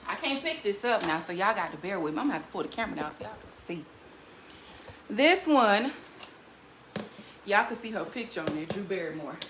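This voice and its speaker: An older woman, hosting a casual cooking vlog and chatting warmly and animatedly to her viewers, laughing often. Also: mid-range voice, expressive, a little fast, pauses often, noisy background. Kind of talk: casual unboxing chat to viewers.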